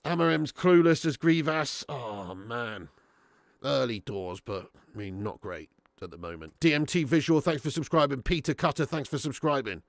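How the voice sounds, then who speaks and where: A man hosting a football watch-along stream, reading out chat comments in a blunt, sweary manner and breaking into loud rants. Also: medium pitch, lively intonation, moderate pace, gravelly, no echo, clean studio sound. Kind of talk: casual live-stream chat.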